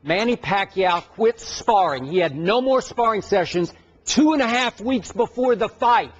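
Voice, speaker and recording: A man's voice: high voice, animated, unhurried, highs cut off. A man hosting a heated sports debate, insistently laying out his case point by point. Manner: insistent, argumentative, lays out facts point by point.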